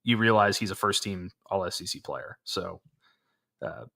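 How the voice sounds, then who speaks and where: A man's voice: deep voice, normal speed, gravelly, sharp tone. A man co-hosting a sports talk show, giving strong opinions in a casual, hesitant way with frequent restarts. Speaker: sports radio co-host.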